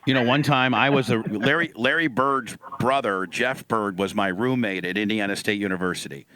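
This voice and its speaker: A man's voice: on the low side, normal speed, bright, forceful tone, poor audio. A man hosting a radio show, talking in brash, profane, boisterous banter.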